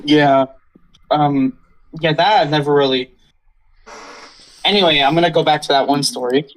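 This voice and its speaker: Young guy on a podcast, kinda high voice, rants and swears a lot then says sorry. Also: steady tone, moderate pace, a bit bright, rough recording. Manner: ranting, swears a lot, apologizes after. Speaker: podcast host. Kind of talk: casual podcast chat.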